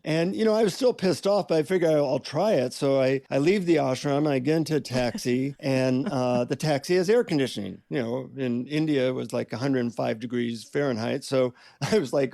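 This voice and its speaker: A man being interviewed as an author, telling stories in an animated, self-mocking way and laughing as he goes. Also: medium pitch, fairly quick, creaky, hardly any pauses, no echo, studio quality. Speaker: author and guest. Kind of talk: conversational storytelling.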